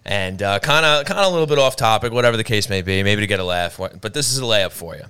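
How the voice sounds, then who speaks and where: A man's voice: lowish voice, expressive, fast talker, pushed and bright, clean tone. A man hosting a casual interview podcast, asking hesitant questions full of fillers. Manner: hesitant, filler-heavy questions, laughs easily. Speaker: podcast host.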